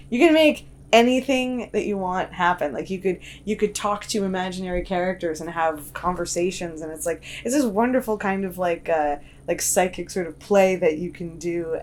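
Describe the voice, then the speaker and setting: A young woman talks through an interview in a chatty, rambling way, her voice sitting a little low. She fills her sentences with "like" and restarts them often. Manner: chatty, many "like" fillers and restarts. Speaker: guest artist and cartoonist. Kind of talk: casual interview chat.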